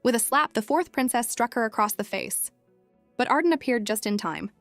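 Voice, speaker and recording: A woman narrating a story recap in a steady, even, scripted delivery. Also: on the high side, moderate pace, dry recording, faint music behind.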